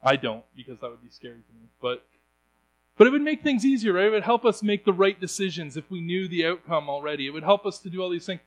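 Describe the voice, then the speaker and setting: An earnest young man delivers a sermon in a fairly high voice. He talks plainly to his listeners and often trips over his words and starts his sentences again. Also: expressive, fast, poor audio. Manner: earnest, stumbling restarts. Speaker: preacher.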